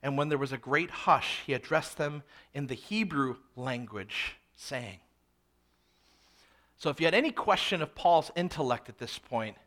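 A man preaching an expository sermon, reading scripture aloud and then explaining it with animated, dramatic emphasis. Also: fairly high pitch. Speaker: pastor.

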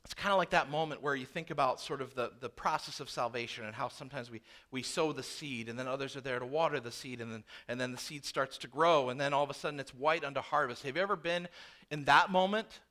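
A man's voice: medium pitch, fast talker. A male pastor preaching a sermon to his church, telling stories and acting out conversations. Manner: animated storytelling, acting out dialogue.

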